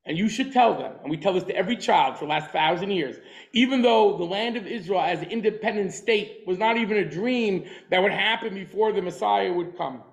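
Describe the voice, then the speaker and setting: A man's voice: sits high, brisk, creaky, rough recording. A man lecturing a class, emphatic and forthright, hammering points home with short repeated phrases and wry chuckles.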